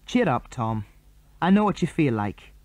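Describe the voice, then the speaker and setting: A man voicing a steady older boy who leads the others, firm and decisive. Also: mid-range voice, a little slow, no room sound.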